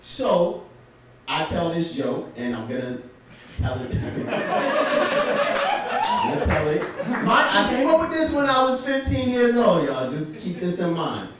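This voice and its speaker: Brief: young man from Brooklyn, lively storyteller onstage, voice rides high and roams, caught from off mic. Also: unhurried, pauses often, distant mic, slight background noise. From Brooklyn, New York. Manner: animated, laughs through his telling. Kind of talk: live comedic storytelling. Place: theater stage before a live audience. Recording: very echoey theater, from off mic.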